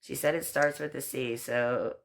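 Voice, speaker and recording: A woman's voice: rumbling low, fairly even intonation, measured pace. A middle-aged woman hosting a casual live stream chat, talking in a chatty, affectionate way and calling people honey and girl.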